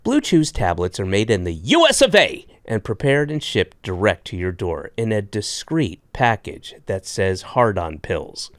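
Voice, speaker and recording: A man's voice: fairly low pitch, big pitch swings, unhurried, hardly any pauses, no echo. Playful man hamming up podcast ads. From Atlanta. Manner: jokey, playful ad reads with sudden voice jumps. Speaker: podcast host. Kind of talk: ad read and casual interview chat.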